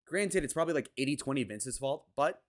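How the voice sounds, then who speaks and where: A man hosting his own commentary video, talking bluntly and crudely, jumping from loud mocking bits to low muttered asides. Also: expressive, brisk. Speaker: commentary channel host. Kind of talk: casual opinion commentary.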